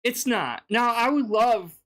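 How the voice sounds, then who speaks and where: A woman giving an indignant, profane reaction commentary, her throat sore from yelling. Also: a little high, lively intonation, unhurried. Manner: profane, indignant, laughing ranting.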